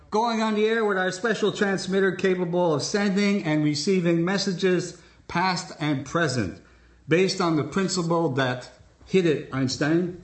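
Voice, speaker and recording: A man hosting a live stage show, joking and coaxing the audience along. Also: on the high side. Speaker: host. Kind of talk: comic stage patter.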